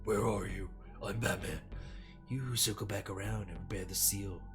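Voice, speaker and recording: Man putting on a sewer slime monster, low, slow, eerie, menacing, game reading. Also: steady tone, over music, close to an everyday voice. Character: sinister green sewer slime creature.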